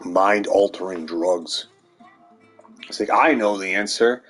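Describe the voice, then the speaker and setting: A man's voice: low-pitched, takes it slowly, a bit bright, breathy edge, soft background music. A man rambling to viewers in a sardonic monologue, swearing and laughing at his own jokes. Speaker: vlogger.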